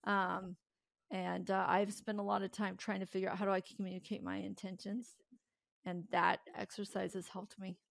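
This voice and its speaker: A woman guest talking in an earnest, animated way, with a gravelly, creaky edge to her voice. Her voice is close and dry, with little room sound. She tells her story candidly and laughs in quick bursts. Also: medium pitch, no echo. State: tearful. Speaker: podcast guest, company founder. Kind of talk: candid interview conversation.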